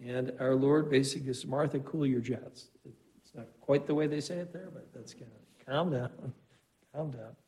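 A priest reading the Gospel and then giving a conversational homily in church, telling stories with casual asides. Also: male voice, medium pitch, steady tone, normal speed, warm tone, low-quality recording.

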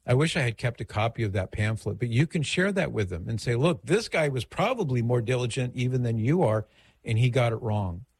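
A man's voice: mid-range voice, lively intonation, a little fast, husky, no room sound. A middle-aged man hosting a radio call-in show, giving advice in a conversational, digressive way.

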